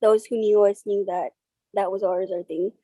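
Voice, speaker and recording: A woman speaking as an interview guest over a video call, slow and halting, getting tearful at times. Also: medium pitch, fairly even intonation, mellow, no room sound, low-quality recording.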